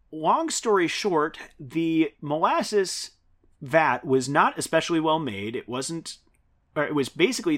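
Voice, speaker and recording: A man's voice: a little high, a bit bright. A man in his thirties hosting a podcast in a casual, rambling style, often chuckling as he talks. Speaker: podcast host. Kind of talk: casual chat.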